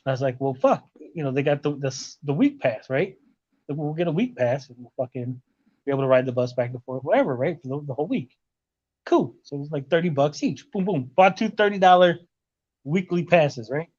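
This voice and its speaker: Podcast host, man, slightly high voice, rambling and foul-mouthed, lo-fi audio. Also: animated, a little fast, darkish tone. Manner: rambling, profane storytelling with lots of "like" and "right?". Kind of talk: casual chat. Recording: lo-fi muffled audio.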